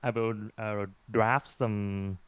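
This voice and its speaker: A man's voice: lowish voice, fairly even intonation, slow, clear, resonant tone, no room sound. A man playing a tabletop game who talks casually and hesitantly. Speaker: player. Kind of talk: casual chat.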